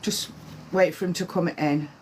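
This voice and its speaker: A woman with a lowish voice gives spiritual readings on a live stream from home. She talks in a halting, hesitant way, full of fillers and restarts. She slows down softly whenever she relays a message. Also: fairly even intonation, a little hiss or hum. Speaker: medium giving readings.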